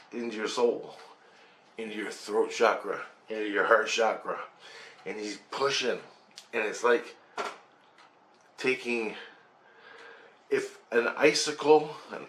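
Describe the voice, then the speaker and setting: In a roomy recording with a little background noise, a man emphatically relates a personal experience, cursing and throwing in sound effects. He speaks with a lowish, slightly bright voice.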